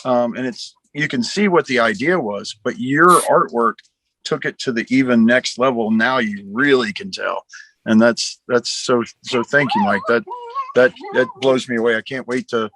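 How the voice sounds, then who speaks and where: A man who is a charity organizer, guesting on a podcast and speaking warmly and gratefully, stumbling over the starts of his sentences. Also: medium pitch, normal speed, rough recording. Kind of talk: casual interview talk.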